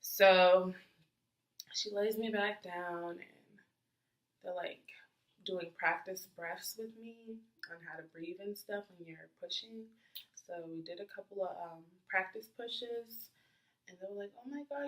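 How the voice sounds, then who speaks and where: A young woman telling a casual storytime in a chatty, animated way with lots of fillers and acted-out reactions. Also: medium pitch, normal speed, reverberant, poor audio. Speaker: vlogger.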